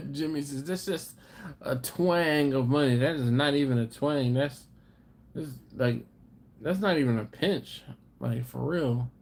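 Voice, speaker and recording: A man's voice: medium pitch, slow pace. A man hosting a live stream, casually chatting and reading viewer comments with easygoing chuckles. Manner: laid-back, chuckling, chatty asides to viewers.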